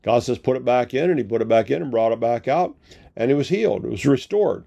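Gravelly-voiced male pastor preaching. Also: medium pitch, lively intonation, fast talker, mellow. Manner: conversational storytelling with paraphrased dialogue. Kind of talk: sermon.

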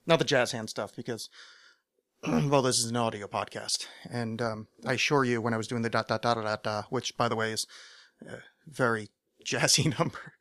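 A man's voice: medium pitch, moderate pace, a bit bright, no echo, clean studio sound. A man hosting his own podcast, rambling through a casual monologue, interrupting himself and poking fun at his own ideas. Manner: rambling, self-deprecating, digressive. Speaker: podcast host.

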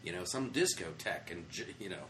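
Swearing comedian, low voice, echoey room. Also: male voice, fairly quick, a little hiss or hum. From United States. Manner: animated, swearing, acts out quoted people. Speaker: comedian guest. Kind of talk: casual storytelling interview. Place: comedy club after a show.

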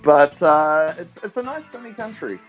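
A man's voice: a little high, expressive, moderate pace, muffled recording, soft background music. A man from New Zealand with a New Zealand accent, a guest chatting casually from his home recording studio. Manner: laid-back, chatty, laughs often. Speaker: podcast guest. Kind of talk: casual chat.

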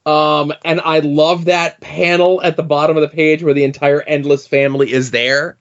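Measured man on a lo-fi podcast. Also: fairly high pitch, flat delivery. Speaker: podcast co-host. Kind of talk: casual comic book chat.

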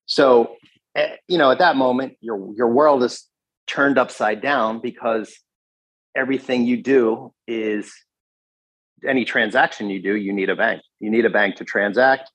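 A gun shop owner recounts events earnestly in an interview, frequently starting over and quoting what people said. He speaks at medium pitch and moderate pace, his tone fairly bright and slightly rough, over poor audio.

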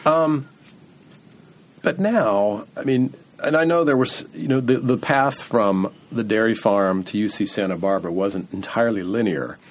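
A man's voice: lowish voice, measured pace. A middle-aged man hosting a podcast interview, chatty and wry, often restarting his sentences. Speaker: podcast host. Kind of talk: casual interview.

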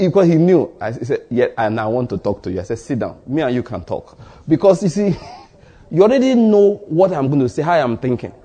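Male pastor, sermon storyteller, slightly higher-pitched voice with a husky edge. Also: warm tone. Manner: storytelling, acts out dialogue in asides.

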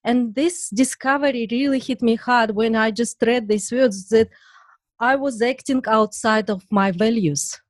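A woman's voice: fairly high pitch, a little slow, no echo. Earnest woman co-host, dry sound. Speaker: podcast co-host. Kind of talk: podcast interview.

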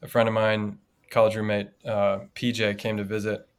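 A man's voice: lowish voice, moderate pace, smooth. A man, a priest co-hosting a podcast, telling a personal story in a casual, reflective way. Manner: storytelling, reflective, animated in anecdotes. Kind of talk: casual conversation.

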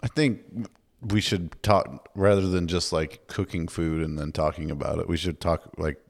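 A man's voice: low voice, fairly even intonation, normal speed, vocal fry. A man co-hosting a podcast in casual chat, rambling with lots of hedging fillers. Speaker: podcast co-host.

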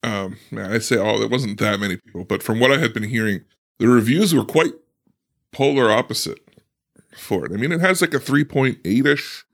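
A man co-hosting a casual podcast book discussion, animated and joking. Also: mid-range voice, normal speed, vocal fry. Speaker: podcast co-host.

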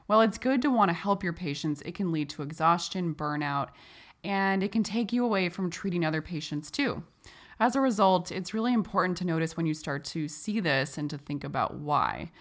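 A woman hosting and instructing in a clear, explanatory way. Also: lowish voice, animated, a little fast. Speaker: host and instructor. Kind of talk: educational explanation.

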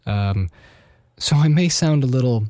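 A man's voice: medium pitch, expressive, measured pace, warm tone, dry recording, clean studio sound. Rambling young man, slightly nasal. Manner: rambling, self-deprecating, many restarts. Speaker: podcast host. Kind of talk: casual solo podcast chat.

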